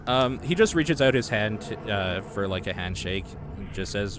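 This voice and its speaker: A man's voice: lowish voice, expressive, unhurried, a crowd in the background. A man running a tabletop role-playing game as game master, narrating casually with many fillers. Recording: noisy voice chat.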